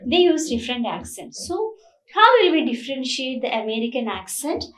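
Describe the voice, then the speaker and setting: A woman's voice: high voice, very animated, moderate pace, recorded from a distance. A woman with an Indian English accent, a college lecturer explaining with many repeats and fillers. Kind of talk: classroom lecture. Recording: echoey room, voice away from the mic.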